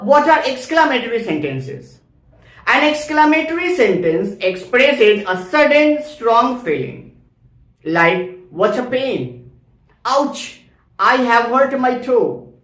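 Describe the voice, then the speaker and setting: A woman teacher, explaining grammar step by step to young students in a deliberate classroom manner. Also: a little high, fairly bright tone. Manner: slow, deliberate explaining with worked examples. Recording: roomy echo.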